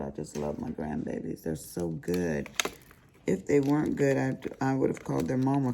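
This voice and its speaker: A woman's voice: very deep voice, sing-song, normal speed, creaky, dark tone, a little hiss or hum. An older woman, chatting casually and teasingly to viewers while she crafts. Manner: chatty, folksy, teasing, addresses viewers as y'all and honey. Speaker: crafting vlogger.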